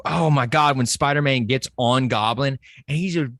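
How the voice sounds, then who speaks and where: A man talking excitedly about a movie in a casual discussion, close to his microphone, animated and jumping into high exclamations. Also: normal speed, a little hiss or hum. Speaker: pop culture podcast guest.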